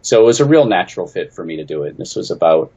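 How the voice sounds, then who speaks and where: A man from New England with a very low, husky voice talks through interview questions as a game designer guest. He is chatty and snarky and pokes fun at himself. The audio is a little dull and lo-fi. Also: big pitch swings, very fast, warm tone. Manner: chatty, self-deprecating, snarky. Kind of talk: casual interview answers.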